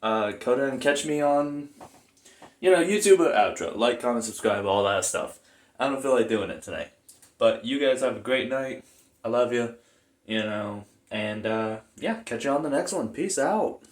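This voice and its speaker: A man's voice: mid-range voice, lively intonation, moderate pace. Slangy man rambling in an echoey kitchen. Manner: rambling, slangy and self-amused. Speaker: cooking vlogger. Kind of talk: casual cooking vlog. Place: home kitchen. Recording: echoey room, faint noise.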